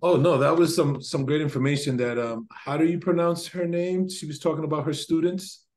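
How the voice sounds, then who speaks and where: A man's voice: on the high side, fairly even intonation, a little fast, a little mellow. A man sharing thoughts in a casual video-call discussion, rambling and enthusiastic as he corrects himself. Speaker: symposium participant.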